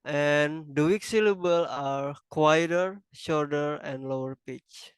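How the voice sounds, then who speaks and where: Slow halting man giving a class presentation. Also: fairly high pitch, smooth, no echo, low-quality recording. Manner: halting, self-correcting, non-native phrasing. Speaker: student presenter.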